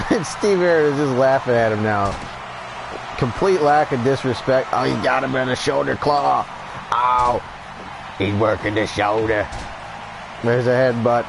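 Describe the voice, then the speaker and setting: A man giving excitable, profane play-by-play commentary on a wrestling video game as he plays, laughing often. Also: medium pitch, measured pace, gravelly, long pauses, noisy background. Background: game music.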